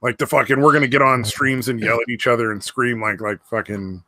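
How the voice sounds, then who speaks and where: A man chatting on a podcast in a bright, forceful voice, recorded dry and close with no room sound. He swears freely and lays on sarcasm, and he laughs easily. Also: medium pitch, steady tone, brisk, dry recording. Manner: profane, sarcastic, laughs often. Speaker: podcast host. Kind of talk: crude casual chat.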